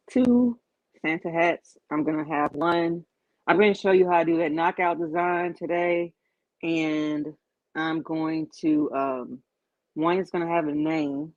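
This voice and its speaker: A woman with a Southern US accent hosts a casual crafting livestream from her home studio, chatty and thanking viewers as she works. The audio is dull and lo-fi, with a dry, close sound and no room echo. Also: low voice. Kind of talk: casual live-stream chat.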